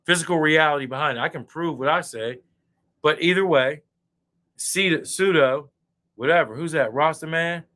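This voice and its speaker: A guest speaker rants in a heated, casual online debate chat, boasting and swearing while drinking beer. His voice is on the high side, bright and forceful, at a normal speed.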